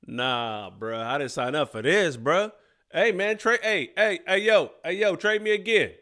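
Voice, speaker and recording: A man's voice: a little high, expressive, unhurried, bright, forceful tone. A man voicing a fed-up football player. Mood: exasperated. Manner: exasperated, pleading, slangy.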